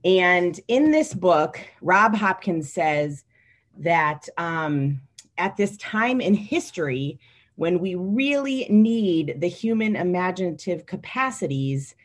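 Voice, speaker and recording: A woman leading a children's message in worship, reading aloud slowly and teaching with a light laugh. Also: lowish voice, animated.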